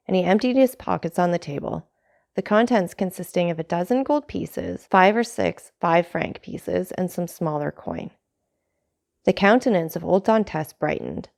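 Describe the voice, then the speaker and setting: A woman narrating a classic novel aloud in a measured, steady way. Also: on the low side, gravelly. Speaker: audiobook narrator.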